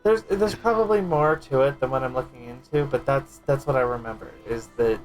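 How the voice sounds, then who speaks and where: A man's voice: medium pitch, brisk, soft background music. A man streaming a game, chatting casually and animatedly, stammering and swearing now and then.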